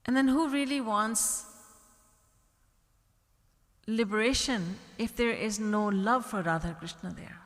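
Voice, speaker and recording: A woman teacher delivers a devotional discourse in a mid-pitched voice. She presses her points with earnest rhetorical questions, and her words carry a long reverb from a large retreat hall. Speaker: spiritual teacher.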